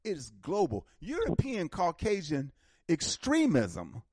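A man's voice: a little high, huge pitch swings, unhurried, a little mellow, breathy edge, dry recording, clean studio sound. A man hosting a call-in radio talk show, speaking emphatically and animatedly, often repeating words as he builds a point.

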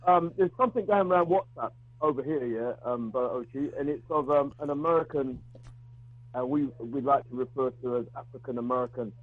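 A man calling in to a talk radio show, speaking in a halting way with frequent restarts and repeated words while bluntly arguing his view. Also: medium pitch, no room sound. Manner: outspoken, argues his view. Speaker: radio call-in caller. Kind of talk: phone-in talk radio call. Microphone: telephone. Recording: tinny phone line.

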